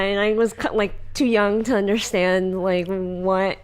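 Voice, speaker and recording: A woman's voice: medium pitch, a little slow. Chatty Valley Girl woman podcaster. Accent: Californian Valley Girl. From California. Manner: chatty, animated, laughs often, many fillers. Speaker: podcast host. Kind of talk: casual chat.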